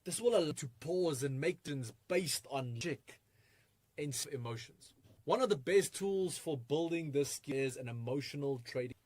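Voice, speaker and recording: An energetic man leads a live online webinar, firing off rhetorical questions and chuckling often. His voice sits a bit high for a man. The sound is close and dry, with no room around it. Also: normal speed, dry recording. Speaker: trading webinar presenter. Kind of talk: live online masterclass talk.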